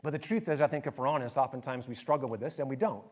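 A pastor in his forties preaches with earnest candor. His voice sits at a middle pitch. He tells stories in a self-deprecating way. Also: very fast. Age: 40s. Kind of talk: sermon.

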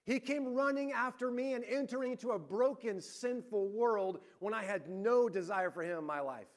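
A male pastor preaching a sermon, telling stories in a lively way that swings between rising emphasis and hushed, quiet points. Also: high voice, moderate pace.

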